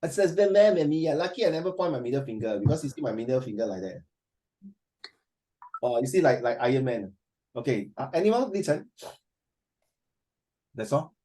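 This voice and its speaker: A man's voice: medium pitch, big pitch swings, normal speed, pauses often, mellow. A middle-aged male teacher with a Singaporean accent leads a classroom discussion, teasing his students and calling on them by name. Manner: teasing, mixes English and Mandarin, calls on students by name.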